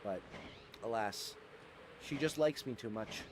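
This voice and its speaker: A young man streaming a game live, chatting casually with viewers and softly cooing to his dog, rambling with fillers. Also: mid-range voice, measured pace, noisy background.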